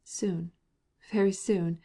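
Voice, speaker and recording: A woman voicing a desperate, ashamed young wife who pleads in a low, tearful voice. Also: steady tone, slow pace, warm tone, breathy edge. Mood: bitter.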